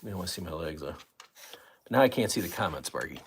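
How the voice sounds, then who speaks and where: Casting: older male livestream host, loose rambling chat, very animated pitch. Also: quick pace, creaky, slight background noise. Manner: rambling, talks to his audience and his dog. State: out of breath. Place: home room.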